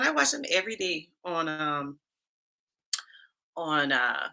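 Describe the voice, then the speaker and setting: A woman's voice: low-pitched, slow, creaky. A middle-aged woman from Charleston with a Southern accent, chatting casually and sassily with viewers on a livestream. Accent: Southern US Black vernacular, Charleston Geechee. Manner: animated, sassy, talks back to chat comments. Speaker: livestream host, HR coach.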